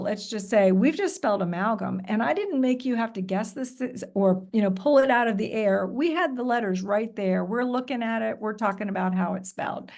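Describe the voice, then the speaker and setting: A woman's voice: on the high side, vocal fry, darkish tone. Woman modeling a vocabulary lesson. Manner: models classroom call-and-response, patient and encouraging. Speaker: teacher trainer. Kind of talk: professional development presentation. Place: recorded presentation.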